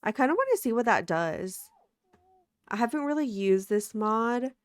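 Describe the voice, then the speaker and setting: A woman let's play host gives casual gameplay commentary while sleepy and sick, chatting and giggling with her viewers. Her voice is on the high side with lively intonation at normal speed, recorded dry on a close mic with no echo.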